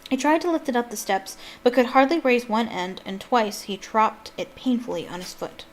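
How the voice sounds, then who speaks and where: A woman's voice: a little high, moderate pace. A woman reading a novel aloud expressively, breaking off for chatty asides with ums.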